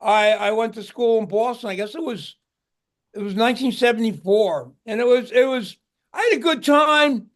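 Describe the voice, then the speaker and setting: A man's voice: very high-pitched, normal speed. An older man, a guest musician, tells stories in a casual interview, rambling and restarting his words.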